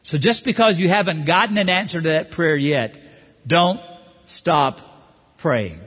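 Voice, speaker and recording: Animated male preacher in a reverberant hall. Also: on the high side, measured pace, breathy edge. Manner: animated, acts out quoted voices. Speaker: pastor. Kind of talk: sermon.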